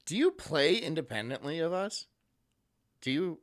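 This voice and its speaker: A man's voice: a little high, expressive, moderate pace, soft background music. A man casually chatting on a live stream, reading out viewer messages and teasing them. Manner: laid-back, teasing, reads out chat messages.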